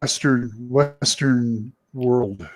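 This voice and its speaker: A man's voice: mid-range voice, extremely slow, a little mellow, no echo. A man co-hosting a casual talk show, joking around with wisecracking asides. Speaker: co-host. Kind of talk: casual chat.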